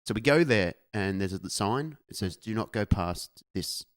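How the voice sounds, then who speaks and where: A man's voice: on the low side, expressive, moderate pace, dry recording. A man, co-hosting a casual podcast and ranting bluntly with lots of swearing. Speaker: podcast co-host. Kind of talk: casual chat.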